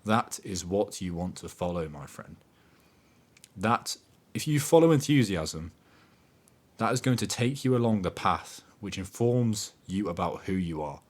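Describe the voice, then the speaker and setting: A man with a fairly low voice, hosting a casual motivational podcast. He talks in an animated, emphatic way, often swearing. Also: unhurried. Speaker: podcast host.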